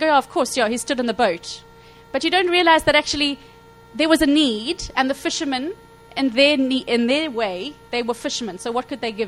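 A woman preaching a sermon to her congregation, animated, acting out Bible quotes and checking in often with her listeners. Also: fairly high pitch, poor audio. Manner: animated, acts out quotes, frequent "okay?" check-ins.

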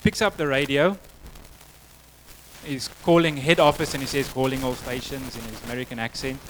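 A man's voice: medium pitch, normal speed, background noise. Male preacher telling a story. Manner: storytelling, conversational with acted quotes. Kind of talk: sermon.

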